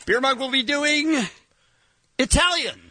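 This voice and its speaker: A man's voice: very high-pitched, takes it slowly, bright, forceful tone, a little hiss or hum. A man hosting a radio bit, playful, spinning a wheel and calling out results. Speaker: radio host.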